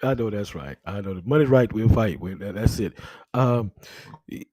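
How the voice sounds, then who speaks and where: A man hosting a casual interview show, relaxed and repeating words as he searches for his questions. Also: on the low side, normal speed, no room sound. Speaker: show host.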